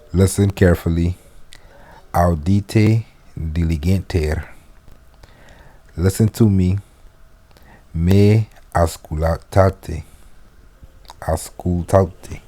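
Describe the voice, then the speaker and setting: A man teaching spoken classroom phrases, giving each in English and then repeating it slowly and deliberately. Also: low voice, mellow. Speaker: Latin teacher. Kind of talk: slow classroom phrase lesson.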